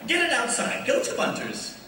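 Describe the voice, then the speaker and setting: A male actor playing an excitable, bossy young college gentleman in a stage play, speaking theatrically, recorded from far off in an echoey hall. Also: very high voice, normal speed, background noise, exaggerated voice. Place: school stage in a large hall.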